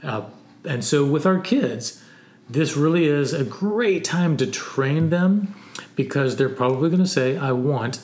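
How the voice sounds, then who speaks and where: Higher-voiced man, gentle encouragement. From United States. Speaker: co-host. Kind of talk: Christian parenting podcast chat. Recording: roomy echo.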